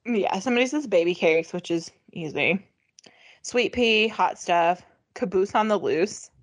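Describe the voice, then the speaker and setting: Woman podcast co-host: casual, profane, laughs often, very animated delivery, dead-dry booth sound. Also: medium pitch, unhurried, no echo. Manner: profane, giggly, reads list items aloud with mock disgust. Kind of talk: casual comedic chat.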